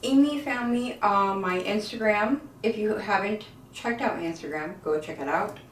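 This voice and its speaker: A home baking vlogger chats casually to camera in her kitchen, rambling, giggling often, folksy and self-deprecating with the odd mild curse. Her voice is medium in pitch at a normal speed, with a little hiss or hum in the recording.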